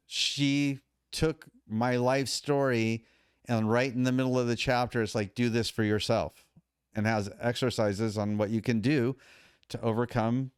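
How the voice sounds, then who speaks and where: Middle-aged male guest, animated storyteller who acts out the quotes, dry close sound. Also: mid-range voice, clear, resonant tone, no echo. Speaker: podcast guest. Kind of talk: casual storytelling.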